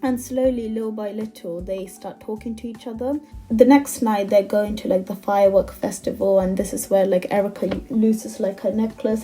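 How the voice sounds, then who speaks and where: A woman casually recapping a manga in an animated, exasperated rant, filling her talk with "like". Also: mid-range voice, moderate pace. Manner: animated and exasperated, heavy use of "like". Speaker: anime commentator.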